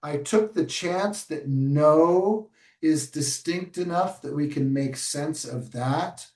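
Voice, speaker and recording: A man, an early childhood educator, models reading a picture book aloud in a webinar, with lively asides and self-corrections. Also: on the high side, takes it slowly. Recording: roomy sound, distant from mic.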